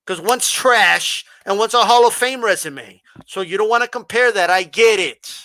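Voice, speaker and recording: Combative bright-voiced male boxing streamer. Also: high-pitched, normal speed, no echo. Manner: combative, confrontational, rhetorical questions; mocks a flat monotone voice. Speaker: boxing channel host reading live chat. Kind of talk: livestream talk.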